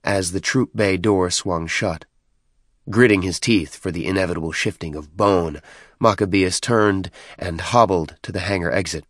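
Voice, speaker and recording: Low-voiced man narrating a novel. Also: moderate pace, fairly bright tone, dry recording, studio quality. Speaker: audiobook narrator. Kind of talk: scripted narration.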